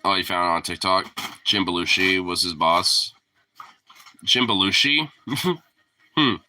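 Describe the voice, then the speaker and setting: A man's voice: a little slow, bright, forceful tone, no room sound. A man chatting casually to the camera and his dog, rambling, laughing and swearing freely. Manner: talks to his dog in a pitched-up teasing voice. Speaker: pet owner vlogger. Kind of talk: casual chat.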